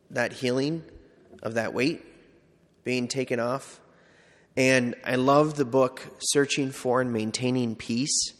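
A priest giving a casual, self-deprecating personal testimony, full of "like" and quoted asides. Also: male voice, mid-range voice. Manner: conversational, self-deprecating storytelling with many "like"s. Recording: long hall reverb.

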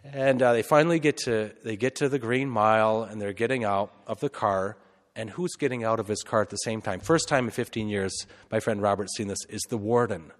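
A man's voice: fairly low pitch, fairly quick. Man telling a story in a reverberant church. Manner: conversational, anecdotal, with many fillers and asides. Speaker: priest. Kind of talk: storytelling homily.

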